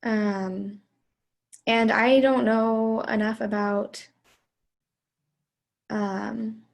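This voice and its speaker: A woman's voice: a little high, little pitch movement, extremely slow, creaky. A young woman, a student presenter, answering questions about her research with many fillers and self-corrections. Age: young adult.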